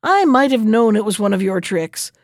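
A woman reading aloud voices a commanding, quick-tempered male sultan with an imperious, demanding manner. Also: medium pitch, lively intonation, dry recording, studio quality, lightly acted.

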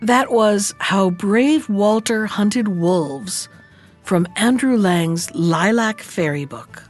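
A woman reading a fairy tale aloud as the storyteller of the show, rising high and animated in tense moments. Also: slow, faint music behind.

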